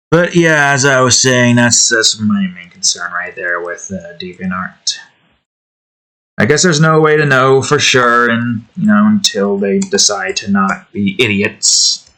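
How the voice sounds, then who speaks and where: A man's voice: fairly low pitch, lively intonation, slow pace, bright, forceful tone. A young man hosting his own art channel, rambling in an offhand, self-deprecating way as he chats and draws. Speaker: artist and channel host. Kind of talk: casual chat while drawing.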